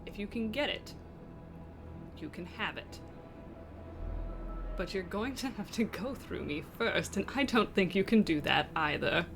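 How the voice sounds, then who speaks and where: A player voicing a confident female warrior who quietly taunts a companion in a tabletop game. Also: medium pitch, expressive, normal speed, few pauses, over music, close to an everyday voice. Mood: taunting.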